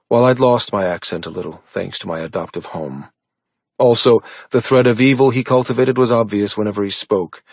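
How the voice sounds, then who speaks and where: A man narrating a romance audiobook in the first person, with a measured, brooding delivery. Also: fairly low pitch, no room sound.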